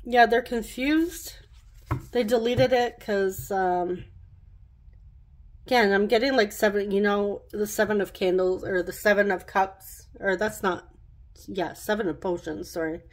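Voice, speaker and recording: A woman's voice: medium pitch, measured pace. Chatty woman giving a tarot reading. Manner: chatty, rambling, laughs at herself. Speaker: tarot card reader. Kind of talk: casual pick-a-card tarot reading.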